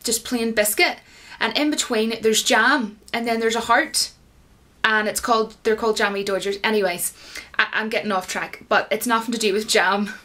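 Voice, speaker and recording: A woman's voice: a little high, fairly even intonation, moderate pace, bright, forceful tone. Chatty, giggly Irish woman. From Ireland. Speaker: YouTuber. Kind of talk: casual explainer video.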